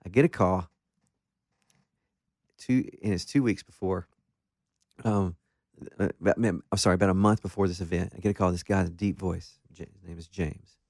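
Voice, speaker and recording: Low-voiced man telling a story. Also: moderate pace, pauses often, no room sound, studio quality. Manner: animated, self-deprecating anecdotes with many restarts. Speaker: guest musician. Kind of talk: casual interview storytelling.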